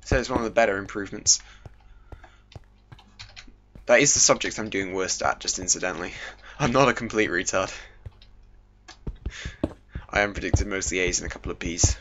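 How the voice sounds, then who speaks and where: A British teenage boy, a gaming YouTuber, rambles and cracks jokes through a casual Minecraft let's play, putting on silly voices while sweating in the heat. His voice sits on the low side with a fairly bright tone. The muffled home recording carries a little hiss or hum and faint background music.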